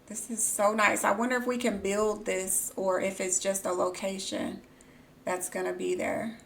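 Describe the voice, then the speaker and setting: A young woman live-streaming, chatting casually and reacting excitedly, gasping and squealing, then muttering quietly to herself. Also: mid-range voice, moderate pace, creaky.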